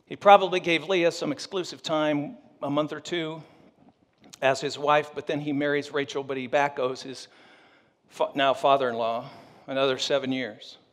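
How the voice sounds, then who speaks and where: A pastor telling a story in a humorous sermon, animated and joking with his audience. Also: fairly high pitch, normal speed, long reverb tail.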